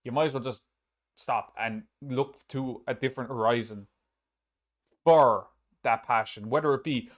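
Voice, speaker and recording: A man's voice: medium pitch, moderate pace, long pauses. A man hosting a casual podcast chat, rambling with frequent restarts and casual swearing. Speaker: podcast host and streamer.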